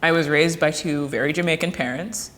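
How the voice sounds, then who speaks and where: Low-pitched woman, lively interview talk. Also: brisk, in a large hall. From Canada. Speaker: actor.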